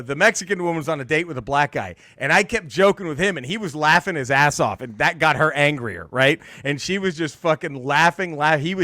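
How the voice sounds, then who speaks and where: High, bright-voiced comedian telling a story. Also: male voice, dry recording, clean studio sound. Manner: animated, laughing storyteller who acts out quotes. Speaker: podcast co-host, stand-up comedian. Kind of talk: casual storytelling chat.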